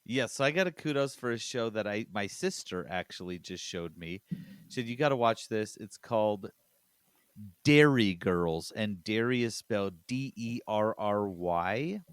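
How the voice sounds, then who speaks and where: A man's voice: lowish voice, animated, measured pace, clear, resonant tone, dry recording, studio quality. A man hosting a podcast in casual chat, chatty and laughing as he retells scenes. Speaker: podcast host.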